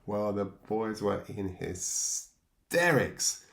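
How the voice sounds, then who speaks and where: Speaking at a normal speed with vocal fry, a middle-aged English memoir narrator recounts his life in a lowish voice that carries a roomy sound. His tone is wry and reflective, punctuated by chuckles at his own expense and impressions of people from memory.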